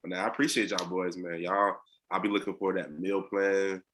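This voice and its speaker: A man talks over a video call in a relaxed, slangy way, circling back on himself with fillers and restarts. His voice sits low, with a bright, forward edge. It is easygoing, everyday chat. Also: moderate pace, a little hiss or hum. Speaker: coaching client.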